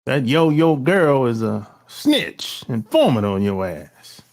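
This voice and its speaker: Speaking slowly in a mid-range voice with big pitch swings, this middle-aged channel host rambles through a casual opinion monologue. He is blunt and slangy, sighing, restarting and swearing along the way.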